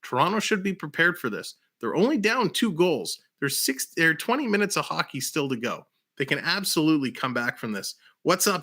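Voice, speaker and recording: A man's voice: medium pitch, bright, forceful tone. A man hosting a live hockey stream, giving upbeat, chatty commentary and reading off game stats.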